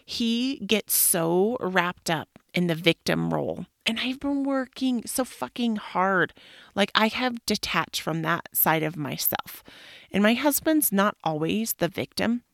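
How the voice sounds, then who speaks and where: A woman hosting a podcast, talking candidly about her own life in a frank, animated way, swearing casually and using lots of "like" fillers. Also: medium pitch, a little slow, creaky, no echo, clean studio sound. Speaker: podcast host. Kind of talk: candid personal monologue.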